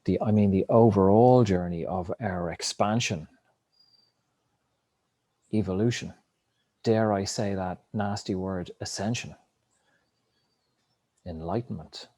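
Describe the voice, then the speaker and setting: A man with a fairly low voice talks through big ideas in a loose, wandering way, tossing in the odd curse word. The sound is dry and close, with no room around him. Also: slow, pauses often, warm tone, no room sound. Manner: rambling, reflective, swears casually. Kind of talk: casual spiritual monologue.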